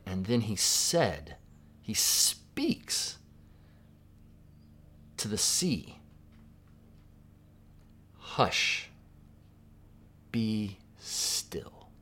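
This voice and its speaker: A man with a fairly low voice delivers a sermon in a relaxed, conversational manner. He muses aloud, asks questions of his listeners, and drops to a hushed tone for quoted words. He is from Southern California. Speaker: pastor.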